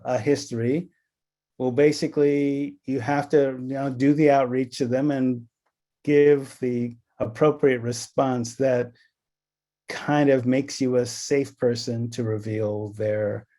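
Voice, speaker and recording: Speaking with a mellow, mid-range voice, a Los Angeles man presents on anti-racism in a recorded training session. He takes his time, deliberate and slow, telling stories and acting out dialogue he quotes.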